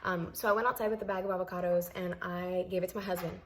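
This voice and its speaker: A woman's voice: fairly low pitch, fairly even intonation, quick pace, a bit bright, slight background noise. A young adult woman telling a personal story in a vlog, emphatic and exasperated, repeating points for emphasis. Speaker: vlogger.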